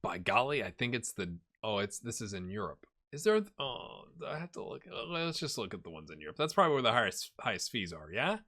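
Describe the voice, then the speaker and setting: A man narrating a game on his channel in a casual, chatty way, puzzling over results out loud. His voice is bright and forward. His pitch bounces around a lot as he reacts. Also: big pitch swings, a little fast, hardly any pauses. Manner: chatty, thinks aloud, reacts with surprise. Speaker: gaming YouTuber. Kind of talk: casual video game commentary.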